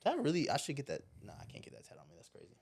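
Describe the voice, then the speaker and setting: A man from Chicago with a Chicago accent, hosting a casual podcast chat in a blunt, profane, animated way. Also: fairly high pitch, rapid-fire, creaky, slightly rough. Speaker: podcast host.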